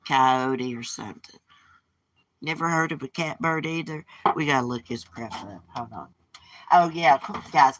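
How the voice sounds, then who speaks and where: A woman with a deep, fairly bright voice hosts a casual live stream outdoors on her porch. She talks bluntly, gossipy and profane.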